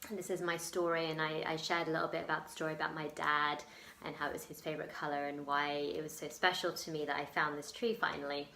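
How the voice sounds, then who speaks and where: English woman chatting away on her vlog, low voice, echoey room. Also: level tone, fairly quick, bright, forceful tone, slight background noise. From England. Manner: chatty, emotional, many ums and laughs. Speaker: vlogger. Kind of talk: casual storytelling vlog.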